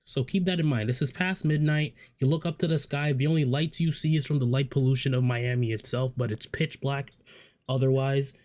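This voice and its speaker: A man's voice: mid-range voice, steady tone, fairly quick, darkish tone. Male vlogger, mid-range voice, tells a story in a loose, swearing, sidetracking way. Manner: profane, rambling, joking asides. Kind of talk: casual storytelling monologue.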